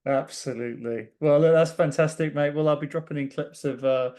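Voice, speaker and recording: A man in his forties, a podcast host chatting casually and warmly with a guest. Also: a little high, brisk. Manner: friendly, chatty interviewer. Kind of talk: casual chat.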